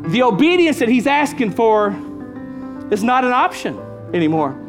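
A man with a very high voice preaches a sermon as a pastor. He hammers his points home, repeating key lines and calling out to the congregation. Soft music plays faintly behind him. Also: big pitch swings, moderate pace. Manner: emphatic preaching with repeated phrases and call-outs.

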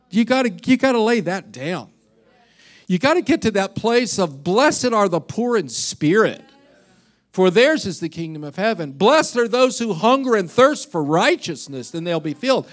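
A male pastor preaching a sermon, telling a story and acting out its voices, swinging between loud and quiet. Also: high voice, very animated, normal speed.

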